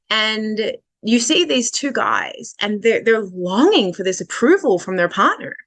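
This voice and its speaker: A woman's voice: mid-range voice, a little slow, a bit bright, dry recording. A woman relationship coach explaining dating behaviour in a casual, conversational way, with fillers and restarts, stretching out her key points.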